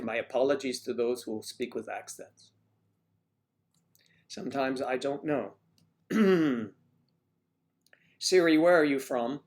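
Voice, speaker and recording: A man's voice: mid-range voice, takes it slowly, pauses often. Chatty man rambling on a livestream. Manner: chatty, joking, drifting between topics. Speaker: livestream host. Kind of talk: casual rambling chat. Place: at home.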